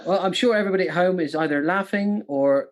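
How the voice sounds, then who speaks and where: A man's voice: sits high, lively intonation, quick pace, gravelly. Playful man hosting a quiz. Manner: playful, self-mocking, breaks into laughter. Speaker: quiz host. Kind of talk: live-streamed quiz hosting with jokey impressions. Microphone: studio mic with monitors.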